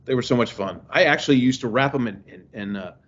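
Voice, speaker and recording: Man, podcast guest, animated storyteller, lo-fi audio. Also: medium pitch, fast, slight background noise. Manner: animated storyteller, acts out quoted voices. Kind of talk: casual chat. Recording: dull lo-fi audio.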